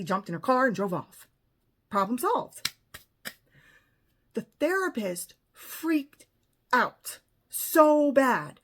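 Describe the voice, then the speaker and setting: A woman's voice: on the high side, animated, unhurried, pauses often. A woman telling a personal story in an emphatic, indignant way and acting out what was said. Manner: emphatic, indignant retelling with acted-out quotes. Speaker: vlogger.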